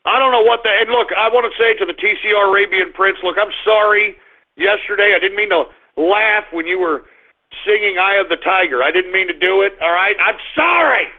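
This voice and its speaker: A man's voice: sits high, brisk. A man hosting a live radio show, griping and blustering at his listeners. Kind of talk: live call-in radio rant. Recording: tinny phone-like sound.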